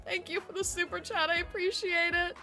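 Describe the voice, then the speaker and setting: Young woman streamer, high-pitched and giggly, casual and flustered. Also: flat delivery, a little fast, sharp tone, faint music behind. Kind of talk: casual live-stream chat.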